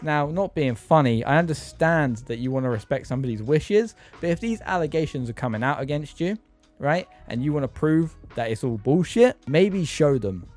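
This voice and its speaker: A man's voice: fairly high pitch, expressive, moderate pace, a little mellow, soft background music. Blunt man doing commentary. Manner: frank, blunt, swears casually. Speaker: commentary YouTuber. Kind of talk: casual reaction commentary.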